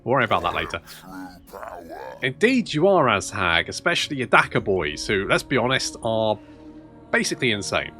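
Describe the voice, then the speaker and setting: A man's voice: lowish voice, very animated, a little fast, pushed and bright, soft background music. A man commentating on his own strategy game play, rambling, swearing and thinking aloud. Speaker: let's play host. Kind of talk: gameplay commentary.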